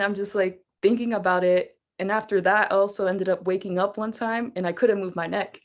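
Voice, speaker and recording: A woman's voice: mid-range voice, fairly even intonation, brisk, hardly any pauses. Young female vocalist guest; chatty storyteller, loose and casual delivery. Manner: chatty, laughs often, fillers like "like".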